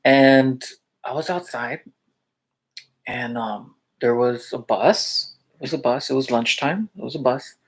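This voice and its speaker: A male teacher casually telling funny school stories to his viewers, chatty, with lots of fillers and quick check-ins, often laughing as he goes. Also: mid-range voice, slightly rough. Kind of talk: casual storytelling vlog.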